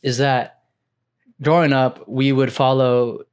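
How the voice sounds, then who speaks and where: A man's voice: medium pitch, takes it slowly, clear, resonant tone. A young man co-hosting a gaming podcast, chatting casually with lots of "like" and "bro". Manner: relaxed, full of "like" and "bro". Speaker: podcast co-host. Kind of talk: casual chat.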